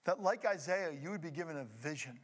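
A middle-aged pastor delivers a sermon in a high, reedy, expressive voice, preaching dramatically. He swings widely between loud, ringing emphasis and hushed, confiding asides, speeding up and slowing down as he drives his points home.

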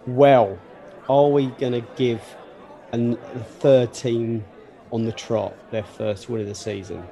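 A man's voice: mid-range voice, fairly even intonation, slow, gravelly, dark tone, a faint crowd. A man co-hosting a casual football fan podcast, chatty and full of hesitant fillers. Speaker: podcast co-host.

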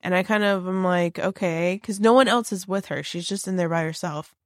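A woman's voice: fairly low pitch, a little fast, no room sound, clean studio sound. A woman casually telling a creepy personal story, chatty and full of fillers and restarts.

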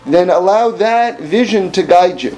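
Man, high voice, casual storytelling, lots of "like" and "you know", animated. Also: a little slow. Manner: animated, rising high and loud when making a point; frequent fillers and restarts. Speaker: speaker telling a story with a lesson.

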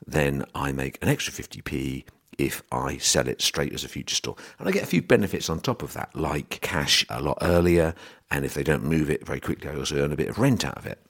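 A middle-aged man, hosting a podcast and casually explaining grain trading, with wry asides and quoted voices. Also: very deep voice. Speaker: podcast host.

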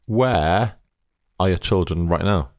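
Deep-voiced man with dry wit. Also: slow pace, no echo. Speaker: podcast co-host. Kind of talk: casual chat. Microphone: remote podcast call.

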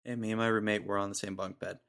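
A man's voice: fairly low pitch, flat delivery, quick pace, a bit bright. A young man in his twenties hosting a podcast, telling a rambling, jokey story in casual slang. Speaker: podcast host.

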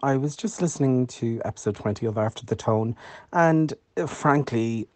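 A man's voice: medium pitch, moderate pace, no room sound. An Irish man leaving a chatty, sweary voice message in mock outrage. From Ireland.

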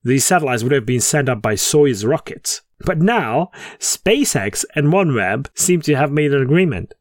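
Jokey male podcast co-host, mid-pitched, dry close sound. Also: lively intonation, normal speed, dry recording. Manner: chatty, jokey, laughs at own puns. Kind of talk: casual chat.

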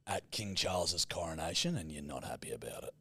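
A blunt, teasing man trading jokes with his co-host and swearing freely. His voice sits on the low side. The sound is close and dry, on a studio mic. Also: animated, a little fast, bright, forceful tone, slightly rough, no room sound. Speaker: podcast co-host. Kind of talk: casual comedic banter.

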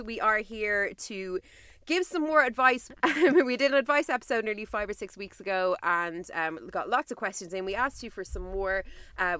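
A woman's voice: mid-range voice, pushed and bright, clear, resonant tone, dry recording, studio quality. A woman co-hosting a podcast in casual chat, talking freely and laughing often, feeling emotional. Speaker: podcast co-host.

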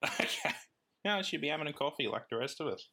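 A man's voice: fairly high pitch, expressive, fast, gravelly, heavy background noise. A man, co-hosting a podcast in casual chat, joking and laughing often and slipping into silly voices. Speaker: podcast co-host.

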